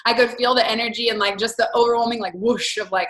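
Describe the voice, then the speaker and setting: A woman hosting a podcast, talking in an open, rambling way. She fills her stories with "like" and drops the odd swear word. Her voice is bright and carries an echo from the room. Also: fairly high pitch, steady tone, fast. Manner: candid storytelling with swearing and filler "like". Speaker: podcast host. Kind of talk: casual chat.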